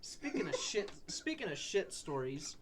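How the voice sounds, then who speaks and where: Young male co-host, ex-Marine, brash and profane, animated delivery. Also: on the high side, a little slow, background noise. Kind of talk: casual chat.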